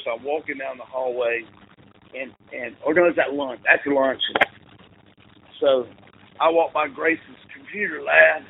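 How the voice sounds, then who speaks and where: A man's voice: a little high, creaky, a little hiss or hum. A man, a football coach, telling rambling, self-correcting stories with frequent laughs, over a tinny, phone-like line. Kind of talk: casual storytelling.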